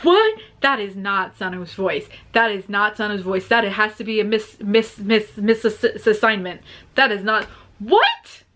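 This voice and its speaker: A young woman hosting a music reaction video, talking casually to her viewers and gasping and stammering with excitement as she listens. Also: mid-range voice, moderate pace. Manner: talks straight to viewers. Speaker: reaction channel host.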